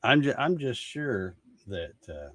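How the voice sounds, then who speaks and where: A man's voice: medium pitch, big pitch swings, takes it slowly, fairly bright tone, no echo, studio quality. A man hosting a casual livestream, ranting in a fed-up, sarcastic way and laughing at viewer comments. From Georgia, USA. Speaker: show host reading viewer comments.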